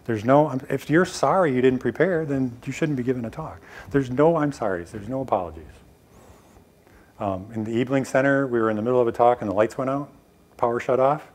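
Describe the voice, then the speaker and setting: A man's voice: medium pitch, animated, a little fast. A middle-aged man giving a live workshop talk on presenting science to a small room, direct and emphatic with casual asides. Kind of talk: live lecture to a small audience.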